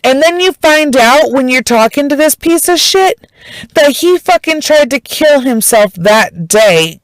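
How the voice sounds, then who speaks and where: A woman's voice: high voice, expressive, unhurried, no echo, low-quality recording. A woman telling a true crime story in a casual, emotional way, swearing freely and speaking with heavy emphasis.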